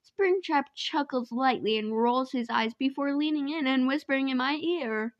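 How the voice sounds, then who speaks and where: A young woman with a high voice reads a fanfic aloud, often slipping into giggles. The sound is dry and dull, a lo-fi home recording. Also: moderate pace, dry recording. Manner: giggly, often breaks into laughter. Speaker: fanfic reader. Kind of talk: casual fanfic reading aloud.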